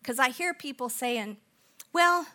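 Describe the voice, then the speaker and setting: A middle-aged woman preaching a storytelling sermon, animated and acting out the people in her story, then dropping to soft, intense tones. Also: on the high side, moderate pace. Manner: animated, acts out quoted voices, drops to soft intense tones.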